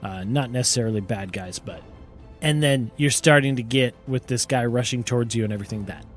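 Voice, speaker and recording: A man at a middle pitch narrates a tabletop game as its game master, easygoing and full of pauses and fillers. Faint music plays underneath him. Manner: relaxed, hesitant narration with many fillers.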